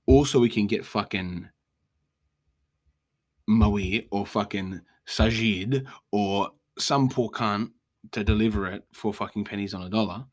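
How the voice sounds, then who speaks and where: A man's voice: lowish voice, measured pace. A young Australian man hosting a solo podcast, ranting bluntly with heavy swearing. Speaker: podcast host. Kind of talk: casual solo rant.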